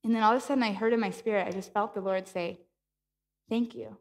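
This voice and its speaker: A woman's voice: mid-range voice, fairly even intonation, very fast, in a large hall. A woman preaching a sermon, telling a personal story with laughter and acted-out dialogue. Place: church.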